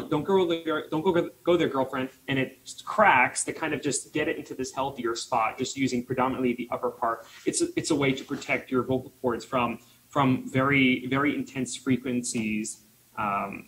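A man's voice: medium pitch, steady tone, moderate pace, a bit bright, rough recording. A man voice teacher presenting at a conference, joking around while he explains. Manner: jokey and playful, explaining.

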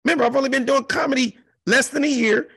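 Brief: comedian in his fifties from South Central LA, animated and profane storyteller, high and gravelly, dry close sound. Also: quick pace, no echo. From South Central Los Angeles. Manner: profane, animated, acts out the other voices. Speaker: comedian guest.

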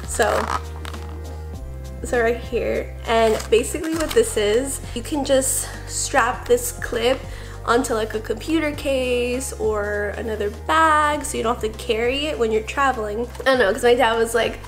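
A woman's voice: fairly high pitch, unhurried, faint music behind. A young woman vlogger chatting casually about her Christmas gifts, gushing and full of fillers. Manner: gushing, chatty, repeats fillers like "like" and "I don't know". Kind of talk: casual vlog chat.

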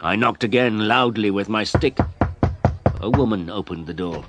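Male story reader, low-pitched, slow deliberate narration. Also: highs cut off, over music.

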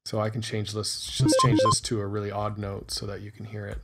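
Man, lowish voice, talking through a music tutorial over his screen, methodical, musing aloud as he works. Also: completely flat delivery, fairly quick. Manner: explanatory, methodical, thinking aloud while working. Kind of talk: screen-recorded tutorial narration.

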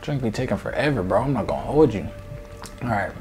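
A young man giving casual, excitable commentary to his viewers while he plays a video game. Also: lowish voice, fast talker. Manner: excitable, talks to his viewers, swears mildly. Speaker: gaming video creator. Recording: game music loud behind the voice. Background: game music.

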